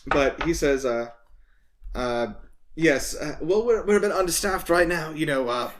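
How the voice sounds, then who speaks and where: A man's voice: fairly high pitch, animated, a little slow, crowd noise. A man doing a panting, flustered town guard. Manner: rambling, stammering excuses. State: out of breath.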